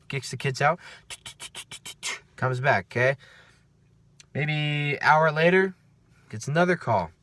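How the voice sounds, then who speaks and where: A man's voice: a little high, a bit bright, no echo. A man working night-shift security, telling stories from his shift in a casual, profane vlog, often checking in with the listener. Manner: chatty, profane, keeps checking in with "okay?" and "right?". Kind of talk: casual after-work storytelling vlog.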